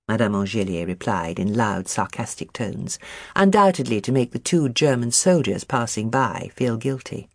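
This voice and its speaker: An audiobook narrator reading a novel chapter in an expressive, varied manner. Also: mid-range voice, normal speed, vocal fry, no room sound, clean studio sound.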